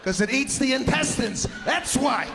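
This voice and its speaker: A man voicing his hot-tempered old-world immigrant father, loud and blunt. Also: very high voice, lively intonation, normal speed, a crowd in the background, noisy background, voice pushed up. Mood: fierce.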